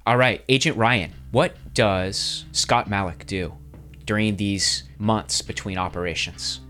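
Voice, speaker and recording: Man, game master, low voice, easygoing narration, faint music behind. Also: a little slow. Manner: lively, easygoing.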